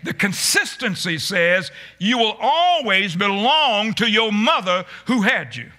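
High bright-voiced preacher man. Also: big pitch swings, measured pace. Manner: call-and-response preaching, rising to shouts, repeats words. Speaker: pastor. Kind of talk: sermon.

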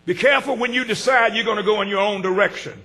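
A man, preaching a sermon with call-and-response, swinging from shouts to hushed asides. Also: high voice, fast. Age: 60s. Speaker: pastor.

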